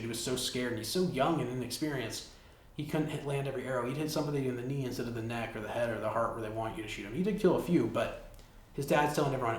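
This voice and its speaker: A man hosting a casual solo podcast, retelling a film plot in a rambling way, full of "like" and swearing. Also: medium pitch. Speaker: podcast host. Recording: roomy backup recording with faint hiss.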